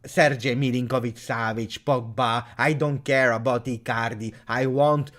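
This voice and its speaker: A man's voice: mid-range voice, fairly even intonation, moderate pace, fairly bright tone. A young man hosting a live post-match football reaction, ranting angrily and hammering the same phrases again and again. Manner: angry, emphatic, repeats phrases over and over. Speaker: football fan channel host.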